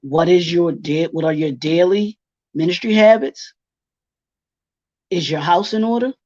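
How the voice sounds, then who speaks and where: A man's voice: a little high, a little slow, a little mellow, no room sound. Man presenting with repeated rhetorical questions. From Baltimore. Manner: repeats rhetorical questions, restates each point. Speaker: workshop presenter. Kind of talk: workshop presentation. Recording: dull, dry lo-fi recording.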